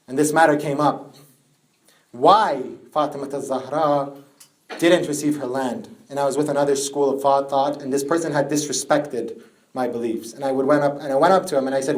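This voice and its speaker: A young man giving a religious lecture to a youth group, building from plain storytelling to a high, tearful lament. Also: fairly even intonation, fairly quick. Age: young adult.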